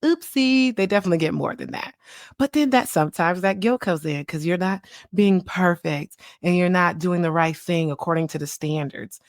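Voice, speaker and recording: Woman, 30s, podcast host and child psychiatrist. Lowish voice, chatty and animated, quick to laugh, recorded dry on a close mic. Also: dry recording. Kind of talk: casual solo podcast talk.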